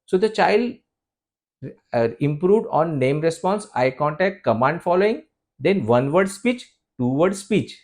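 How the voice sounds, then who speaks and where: Doctor explaining to viewers. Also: male voice, a little high, lively intonation, unhurried, darkish tone. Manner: lecturing, repeats "friends" and poses questions to answer them. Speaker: homeopathy doctor. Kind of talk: explanatory talk to camera.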